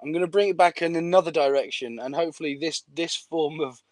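A man's voice: a little high, quick pace, no room sound. A man co-hosting a podcast, talking casually and animatedly, swearing often and laughing a lot. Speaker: podcast co-host. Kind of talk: casual chat.

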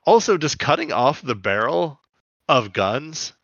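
A man's voice: a little high, animated, a little slow, a bit bright, no echo, muffled recording. A man co-hosting a podcast in casual chat, rambling with lots of fillers. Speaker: podcast co-host.

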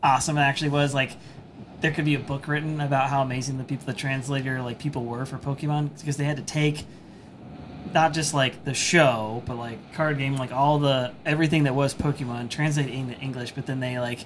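A man co-hosting a podcast in casual chat, rambling and animated, with many fillers. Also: mid-range voice, fairly quick, noisy background. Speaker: podcast co-host.

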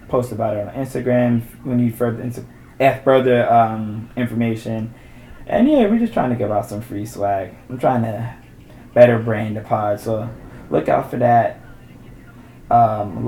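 A man's voice: mid-range voice, warm tone, slight background noise. A man hosting his own solo podcast, talking casually in a loose, chatty way and repeating himself. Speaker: podcast host. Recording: echoey room.

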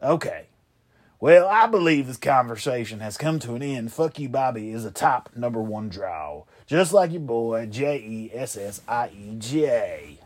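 Man, comic host, lively pitch, profane rambling, deadpan insults. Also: a little slow. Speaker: comedy show host. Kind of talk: comic one-sided phone rant.

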